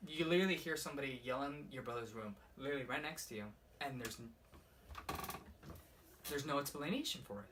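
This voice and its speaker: Young man, casual storytime vlog, rambling and profane, bright forward tone, a bit off-mic with faint room hiss. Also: mid-range voice, fairly quick, pauses often. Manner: rambling, profane, heavy use of "like". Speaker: vlogger. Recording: slightly distant mic with faint room noise.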